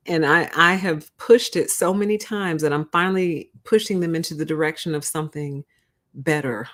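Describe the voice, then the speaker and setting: A woman's voice: on the low side, brisk, a bit bright. A young adult woman hosting a casual livestream, talking bluntly and candidly, laughing often and acting out what she said to others. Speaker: livestream host.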